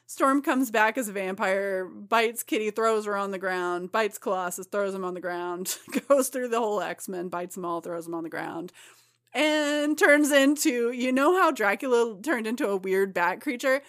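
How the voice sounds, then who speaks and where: A woman's voice: mid-range voice, moderate pace, few pauses. Woman co-host recapping comics casually. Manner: lively comic-book recap with laughs. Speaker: podcast co-host. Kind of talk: casual chat.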